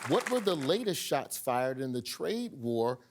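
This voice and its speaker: A man hosting a comedy news panel show, quick and wry, reading setups and poking fun at the guests. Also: medium pitch, a loud crowd, heavy background noise. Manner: quick, wry and animated, laughing at his own jokes. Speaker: host. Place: TV studio with a live audience.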